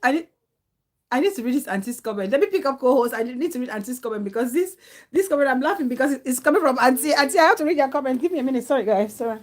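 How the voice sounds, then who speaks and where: A woman's voice: high-pitched, expressive, very fast. A woman hosting a casual live talk show, chatting, laughing often and reading out viewer comments. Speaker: livestream talk show host.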